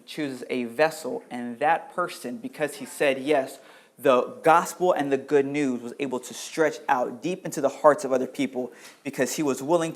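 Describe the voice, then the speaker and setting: A man preaching a sermon as pastor, moving between loud urgent questions and quiet low passages, and calling on people in the congregation by name. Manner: addresses congregation members by name.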